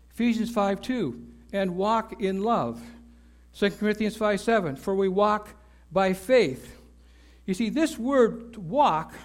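A man preaching a conversational sermon, repeating key words for emphasis and checking in with his listeners. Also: high-pitched. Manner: conversational teaching, checks in with "right?" and "okay?". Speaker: pastor.

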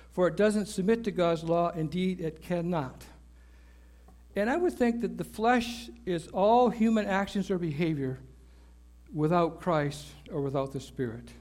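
A man's voice: high voice, normal speed, a little mellow. A man preaching a conversational sermon, repeating key words for emphasis and checking in with his listeners. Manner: conversational teaching, checks in with "right?" and "okay?". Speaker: pastor.

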